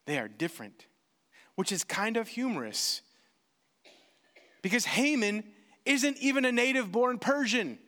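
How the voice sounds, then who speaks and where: A man preaches with a high, animated voice that leaps up and down as he acts out little exchanges. His delivery is lively and expressive. The sound carries the long reverb of a large hall. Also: a little slow, pauses often. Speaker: pastor. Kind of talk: sermon.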